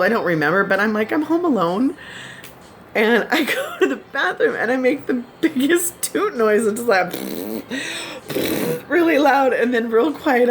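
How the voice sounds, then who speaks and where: A woman's voice: fairly high pitch, a little hiss or hum. Giggly lady vlogger just chatting to her subs, voice bouncing all over, laughs a lot. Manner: giggly, laughs often while telling stories. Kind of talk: casual chat to subscribers.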